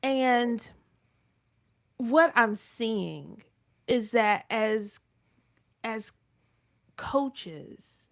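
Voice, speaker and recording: A woman's voice: on the high side, animated, extremely slow, gravelly, long pauses, no echo, clean studio sound. Emphatic Southern woman from North Carolina. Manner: emphatic, acts out quoted speech in shifting voices. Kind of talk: casual chat on a live broadcast.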